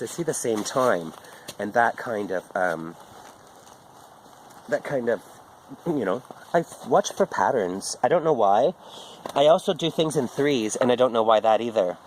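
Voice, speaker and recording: A man's voice: medium pitch, slight background noise, poor audio. A middle-aged man, rambling through a casual, profane monologue full of restarts and asides. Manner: rambling, profane, self-interrupting. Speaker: vlogger.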